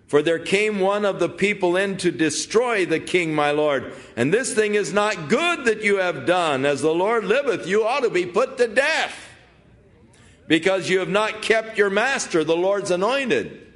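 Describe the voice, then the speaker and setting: A man voicing a young male warrior who calls out loudly and pleads, as he reads the scene aloud in a sermon. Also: medium pitch, animated, brisk, few pauses, close to an everyday voice. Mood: calling out. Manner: loud, pleading, calling out. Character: young male warrior calling out across hills.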